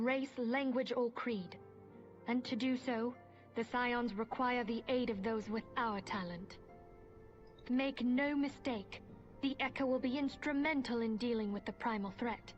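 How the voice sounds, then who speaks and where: A woman's voice: fairly high pitch, natural voice. A woman playing a solemn learned mage. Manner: formal, measured, archaic phrasing. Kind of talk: voiced game cutscene. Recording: muffled game audio with soft music.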